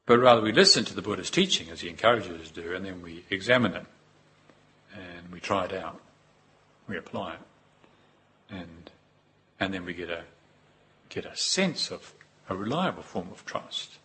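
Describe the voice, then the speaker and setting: Man, dharma talk, fairly low voice, bright tone, reflective, unhurried. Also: animated, slight background noise. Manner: unhurried, reflective, with long pauses and repetitions. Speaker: Buddhist teacher.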